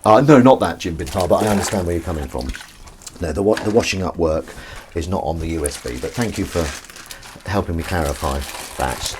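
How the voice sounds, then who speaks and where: Man, very low voice, lively swinging pitch, rambling casual stream chat, coaxing his cat, faint background hiss. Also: fairly quick. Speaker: livestream host. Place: home kitchen.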